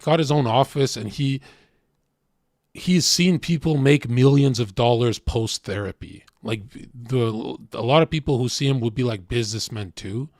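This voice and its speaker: A man's voice: medium pitch, no echo, clean studio sound. A man hosting a podcast, telling stories bluntly and swearing freely. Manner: blunt, profane storyteller. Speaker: podcast host. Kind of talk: casual podcast chat.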